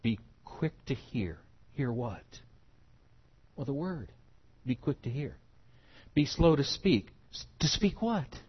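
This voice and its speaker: Male pastor, husky voice, sermon that swells from quiet to loud, muffled recording. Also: medium pitch, lively intonation, slow, pauses often. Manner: builds from quiet teaching to loud emphatic preaching. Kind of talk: expository sermon.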